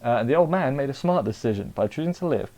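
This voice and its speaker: A man's voice: medium pitch, lively intonation, fast talker, warm tone. An English man giving a casual, rambling anime episode review, chatty and full of restarts. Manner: rambling, chatty, self-interrupting.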